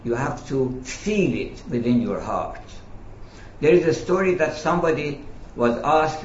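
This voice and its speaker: A man giving a storytelling lecture about Sufi teaching, slow and deliberate with hesitations, in an echoey, lo-fi recording. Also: a little high, lively intonation, a little hiss or hum. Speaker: speaker on Sufism. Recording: echoey, dull lo-fi room recording.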